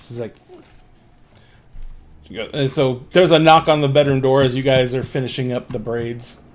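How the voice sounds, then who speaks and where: A man's voice: medium pitch, fairly even intonation, normal speed. A man narrating as game master of a tabletop game, loose and full of fillers.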